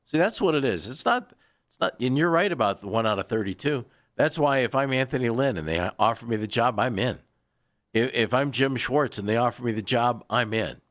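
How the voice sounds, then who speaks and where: A male sports radio co-host who talks his views through in a measured way. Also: mid-range voice, fairly bright tone, no room sound, clean studio sound.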